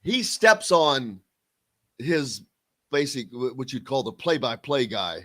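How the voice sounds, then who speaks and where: A man's voice: medium pitch, expressive, slow, bright, forceful tone, dry recording. A man hosting a casual sports talk radio show, chatting and reading listener comments aloud.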